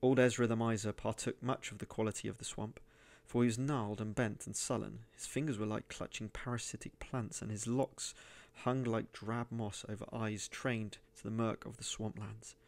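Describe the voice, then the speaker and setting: A man reading a dark adventure story aloud, measured and sometimes rising to loud declaiming. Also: fairly low pitch, flat delivery, creaky. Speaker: reader and gaming channel host.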